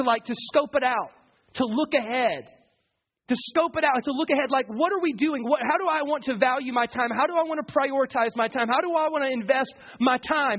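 A man's voice: extremely high pitch, lo-fi sound. A man preaching a sermon as pastor, full of energy and asking the congregation questions.

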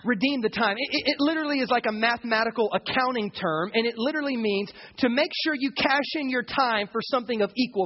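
Pastor guy preaching, really high voice, kinda dull muffled audio, keeps asking the crowd stuff. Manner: energetic, asks the congregation questions. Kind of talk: sermon.

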